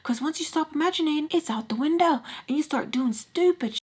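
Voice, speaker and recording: A woman voicing a blunt, crude young man who swears a lot and gets loud and excited. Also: high voice, brisk, pitched above the performer's own voice. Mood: amazed.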